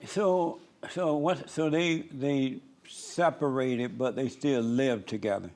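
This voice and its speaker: A man's voice: medium pitch, slow pace, a little mellow. A man hosting an interview, reacting briefly and asking probing questions. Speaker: show host.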